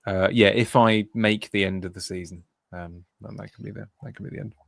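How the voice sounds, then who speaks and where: Male co-host, low pitch, meandering and hesitant, casual and dry. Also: fairly even intonation, brisk, creaky, dry recording. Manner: hesitant, filler-heavy wrap-up patter. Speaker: podcast co-host. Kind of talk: casual chat.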